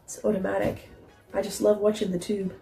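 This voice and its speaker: A woman's voice: mid-range voice, level tone, fairly quick, gravelly, dark tone, faint music behind. A young woman chatting casually at home, rambling with lots of "like" and casual swearing. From Australia. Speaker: streamer. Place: home room, then kitchen.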